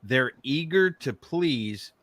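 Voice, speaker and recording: A man's voice: lively intonation, slow, a bit bright, no room sound. A man co-hosting a casual livestream, teasing his guests and laughing often. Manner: teasing, laughs often, jumps to high-pitched mock exclamations. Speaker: co-host of a homestead livestream. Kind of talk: casual chat. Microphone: video call.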